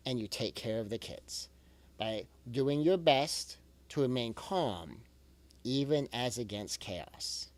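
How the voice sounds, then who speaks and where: Speaking slowly with lively intonation, a medium-pitched man delivers a recorded parenting talk with no room sound. As a parenting coach, he is earnest and reassuring, repeating important phrases to stress them.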